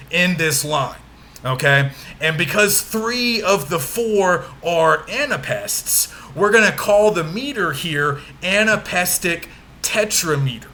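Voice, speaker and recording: Bright-voiced man giving a lecture. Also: sits high, a little hiss or hum. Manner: patient, frequent check-ins, exaggerates stressed syllables when demonstrating. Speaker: literature lecturer. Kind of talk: recorded lecture walkthrough.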